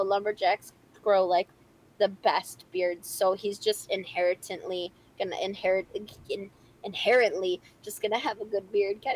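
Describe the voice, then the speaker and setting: A woman's voice: on the high side, rough recording. A woman co-hosting a live stream, reading chat questions aloud in a playful, giggly, rambling way with lots of fillers, from a home studio.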